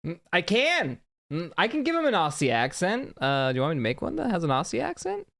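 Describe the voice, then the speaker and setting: A young adult streamer chatting live, excitable, jumping between mumbled asides and loud outbursts, with keyboard typing behind. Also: mid-range voice, a little fast, gravelly, no echo.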